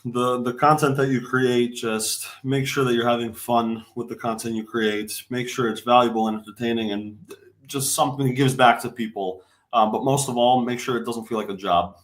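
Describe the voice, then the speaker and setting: A man who coaches real estate agents, giving encouraging advice as a guest in a relaxed, casual chat. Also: mid-range voice, moderate pace.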